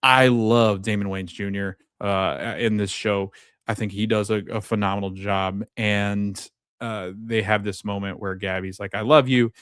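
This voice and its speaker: A young man giving a casual, animated recap of a TV episode as a podcast host, laughing often and acting out lines. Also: lowish voice, unhurried, clean tone, dry recording, clean studio sound.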